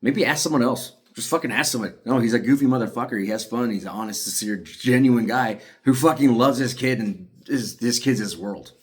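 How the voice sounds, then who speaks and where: A frustrated man from ranting to camera in a heated, profane monologue, swinging between shouting and tired muttering. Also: medium pitch, brisk, hardly any pauses. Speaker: parent speaking out about a custody case. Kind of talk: angry ranting video monologue.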